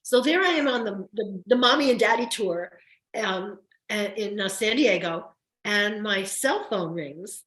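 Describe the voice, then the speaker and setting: A woman's voice: mid-range voice, lively intonation, measured pace, fairly bright tone. An older woman, a soap actress guest, telling stories in a chatty, effusive way with many restarts. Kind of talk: casual interview chat. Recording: roomy echo.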